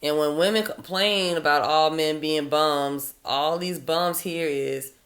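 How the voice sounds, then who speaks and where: A woman's voice: low voice, slow, a bit bright. A woman giving dating advice in a blunt, profane, sardonic monologue. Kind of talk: casual opinionated monologue.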